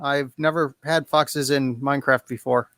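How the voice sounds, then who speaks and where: A man's voice: mid-range voice, fairly even intonation, moderate pace, pushed and bright, no echo. A man chatting casually in a self-deprecating way about his gaming mishaps. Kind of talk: casual chat.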